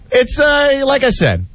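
A man co-hosting a radio talk show, sarcastic and mock-righteous, deliberately provoking in casual banter. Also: extremely high pitch, slightly rough. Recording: dull lo-fi radio audio with faint music.

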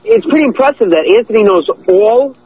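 A man's voice: very high voice, very animated, fairly quick, narrow, tinny audio, background noise. A man calling in to a radio show with sarcastic jabs. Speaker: caller. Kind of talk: radio call-in chat.

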